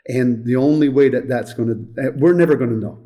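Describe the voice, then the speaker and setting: A man's voice: medium pitch, quick pace, dark tone. An older man who directs a children's home, telling a heartfelt story in an interview with earnest repetition.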